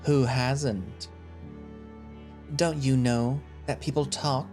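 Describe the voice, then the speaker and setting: A man's voice: mid-range voice, fairly even intonation, a little mellow, faint music behind. A man voicing a cold, scornful leader. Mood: contemptuous. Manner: slow, condescending, cutting.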